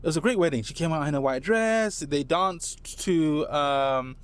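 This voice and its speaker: A man from London with a London English accent, a podcast guest telling animated stories and tagging his points with "right?". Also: fairly high pitch, moderate pace, smooth. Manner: animated anecdotes, tags statements with "right?". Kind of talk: casual chat, storytelling.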